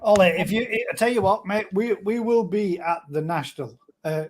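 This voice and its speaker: A man's voice: high voice, moderate pace, a little mellow, a little hiss or hum. A man hosting a casual live-stream chat, friendly and calling people mate. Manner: chatty, friendly, calls everyone mate.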